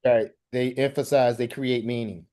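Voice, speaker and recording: A man's voice: medium pitch, steady tone, normal speed, dark tone. A man teaching a live language class, quizzing the student and often repeating and restarting his phrases.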